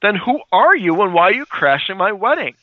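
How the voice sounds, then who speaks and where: A man retelling a comic, voicing a frazzled, melodramatic undead bride in a raised, shrill voice, over a tinny phone-like line. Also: fairly quick, creaky, no echo, close to an everyday voice. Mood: indignant.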